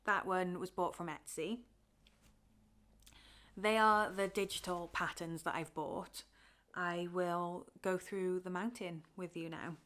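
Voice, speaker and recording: A woman's voice: on the low side, steady tone, slow pace, fairly bright tone. A young woman from Wales chatting casually to camera about her cross-stitch, talking openly and getting emotional, with fillers and laughs.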